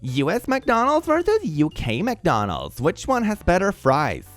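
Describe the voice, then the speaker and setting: A man putting on a high, mocking voice to play a clueless online commenter. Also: huge pitch swings, a little slow, fairly bright tone, soft background music, exaggerated voice.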